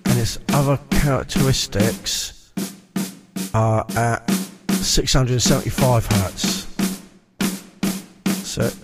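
A man on a stream, muttering to himself and repeating words as he tunes his mic and EQ. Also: mid-range voice. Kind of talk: casual live-stream chat.

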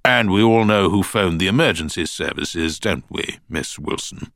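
A man voicing a cool male barrister, cross-examining in a measured, pointed way. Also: sits low, lively intonation, gravelly, a bit bright, no room sound, studio quality, voice pushed up, exaggerated voice. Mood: probing. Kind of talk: audiobook character voice.

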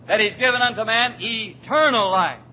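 Male preacher, high and bright, drawn-out scripture readings, light room rumble. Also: low-quality recording. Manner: emphatic preaching, repeats key words, slows on scripture. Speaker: pastor. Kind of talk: sermon.

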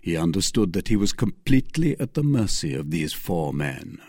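Husky man reading a classic novel. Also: normal speed, dry recording, studio quality. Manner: expressive, varied pitch reading. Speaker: audiobook reader. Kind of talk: audiobook narration of a classic novel.

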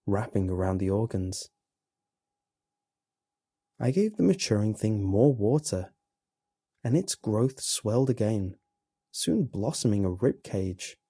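A man narrating a horror story in a slow, grim, measured way. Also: lowish voice, dark tone, husky, no room sound, clean studio sound.

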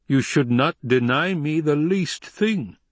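A man with a husky voice, reading an audiobook and voicing a commanding, threatening male emperor. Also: a little high, expressive, slow, no room sound, pitched above the performer's own voice. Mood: cold command. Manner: commanding, menacing, rising to shouts.

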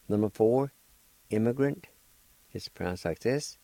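Slow, patient man teaching pronunciation. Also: lowish voice, warm tone, no room sound, poor audio. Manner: patient, deliberate, repeats each syllable. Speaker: language teacher and radio host. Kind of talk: slow spelled-out language lesson.

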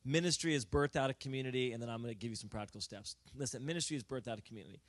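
A middle-aged male pastor preaching a sermon, telling a story with acted-out dialogue and building to loud, emphatic exhortation. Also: medium pitch, very fast, dry recording.

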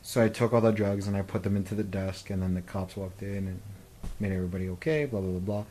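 On a casual podcast, a male co-host in his 20s rambles through lengthy stories full of fillers and "like," speaking fast with a low pitch and fairly even intonation. Crowd noise is audible, and the recording is low quality.

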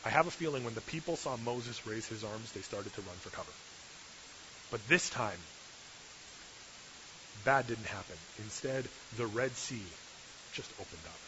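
A man preaching an animated sermon, telling the story with acted-out voices and dropping from hushed tones to loud bursts. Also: lowish voice, normal speed, long pauses. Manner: lively, acts out voices, shifts from hushed to loud. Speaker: pastor. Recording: dull lo-fi recording with faint hiss.

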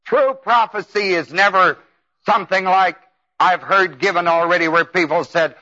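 A man's voice: high voice, normal speed, pushed and bright. A man preaching a sermon in a folksy, emphatic way, with exclamations. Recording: dull lo-fi tape.

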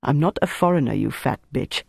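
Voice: mid-range voice, lively intonation, brisk, vocal fry, no room sound. Reader doing a man passing as a woman, curt, defensive, dry close sound.

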